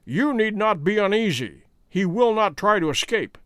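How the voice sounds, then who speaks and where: A commanding detective, measured and stern, as a male storyteller voices him. The voice sits high and moves lively, recorded close and dry. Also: clean tone, no echo. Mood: calm.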